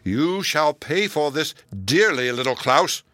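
A man voicing a jealous, violent villager who makes loud threats. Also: fairly high pitch, lively intonation, a little slow, no echo, pitched above the performer's own voice. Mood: threatening.

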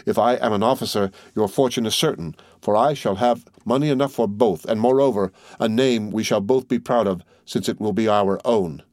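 A man's voice: lowish voice, normal speed, hardly any pauses, a little mellow, dry recording, clean studio sound, lightly acted. A man reading as an earnest young son. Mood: resolute. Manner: earnest, resolute, reassuring.

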